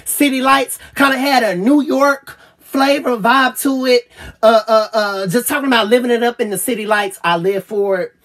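A woman gushing over an album in a casual review vlog, swearing freely and stammering with repeated fillers, at times choking up and trailing off quietly. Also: a little high, normal speed. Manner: gets choked up and trails off quietly. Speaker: music reviewer.

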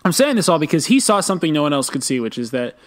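Podcast cohost dude, pitch a bit high, explains stuff with dry jokes. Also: male voice, sing-song, racing. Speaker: podcast co-host. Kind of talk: casual chat.

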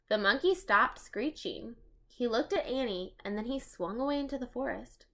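A woman's voice: on the high side, lively intonation, normal speed, a bit bright. A woman reading a children's chapter book aloud, adding chatty asides.

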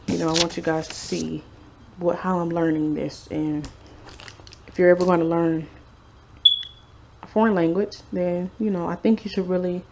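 A woman's voice: fairly low pitch, a little mellow, a little hiss or hum. A young woman vlogging from home, reading her study notes aloud in a casual, hedging way and often saying she is unsure. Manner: unsure, hedging, chatty with fillers. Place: at home, sister snoring nearby.

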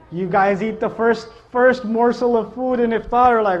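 A man giving a lively, joking lecture to a live audience, telling stories and laughing often. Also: very high-pitched, normal speed, highs cut off, some chatter behind. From Pakistan. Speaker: Islamic speaker.

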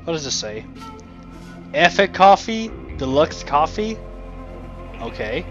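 A man's voice: a little high, sing-song, slow pace, fairly bright tone, dull audio. A man giving casual commentary as he plays a video game, rambling and talking to himself and the game. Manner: rambling, chatty self-talk with frequent asides to the game. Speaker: let's play commentator. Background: game music.

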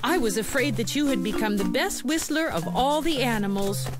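Little nightingale bird, high and pleading, sheepish, woman putting it on, storybook. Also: animated, moderate pace, over loud music, lightly acted. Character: small male nightingale, sorry and sheepish.

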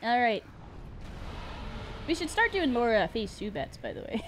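Lively high-voiced woman streaming a game. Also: a little slow, slight background noise. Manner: playful, exclaiming, chatting with viewers. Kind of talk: live gameplay commentary.

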